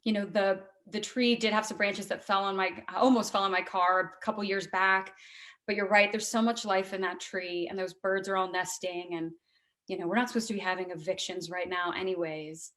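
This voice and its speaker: A woman's voice: medium pitch, steady tone, moderate pace, fairly bright tone. Woman storyteller, mid-range voice, candid and conversational, for a live true-story night.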